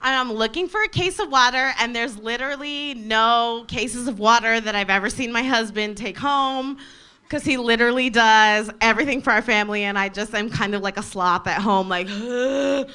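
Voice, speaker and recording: A woman's voice: on the high side, moderate pace, bright, forceful tone, clear, resonant tone. A woman telling a comic story about herself, rambling, laughing often and swearing casually.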